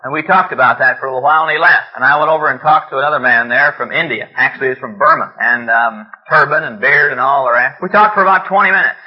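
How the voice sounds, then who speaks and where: A man's voice: mid-range voice, quick pace, hardly any pauses, slightly rough. A middle-aged man preaching an earnest, plainspoken sermon, telling stories and speaking straight to his listeners. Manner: earnest, plainspoken, addresses audience directly. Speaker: preacher at a men's conference. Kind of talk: sermon with storytelling and scripture reading. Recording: dull lo-fi recording.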